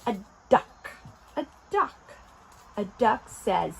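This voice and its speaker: A woman hosting an interactive lesson for toddlers, talking directly to small children in an animated, coaxing way. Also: fairly high pitch, slow pace, vocal fry, a crowd in the background, low-quality recording. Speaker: children's video host.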